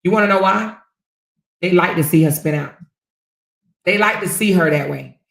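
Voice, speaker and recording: A woman's voice: fairly low pitch, normal speed, creaky. A woman hosting a livestream, dishing gossip in a brash, cussing, mocking way. Her voice rings in an echoey room. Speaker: livestream host. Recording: roomy echo.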